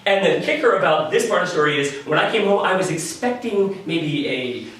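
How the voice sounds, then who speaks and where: A man tells a personal story to a live audience, candid and animated. His voice sits a bit high and swings widely in pitch. The sound is very echoey and distant, with faint room noise behind him. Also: brisk. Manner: animated, candid, laughs often. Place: live venue stage.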